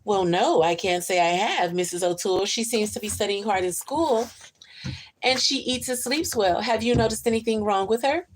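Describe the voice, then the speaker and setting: A woman voicing a kindly, sympathetic neighbor who speaks softly and high. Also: moderate pace, a little hiss or hum, lightly acted.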